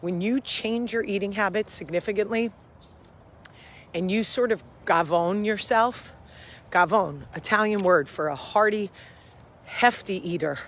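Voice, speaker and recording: A woman's voice: mid-range voice, a little slow, fairly bright tone, a little hiss or hum. A woman hosting a casual vlog, out of breath as she walks uphill outdoors, rambling and amused at her own jokes, swearing freely. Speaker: host.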